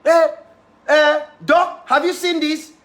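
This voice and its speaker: Slow and very high-pitched, this man's voice stays fairly flat in pitch and sounds a bit bright. He has a Cameroonian English accent and, as an activist leader, gives his followers a defiant, impassioned monologue that repeats key phrases for emphasis.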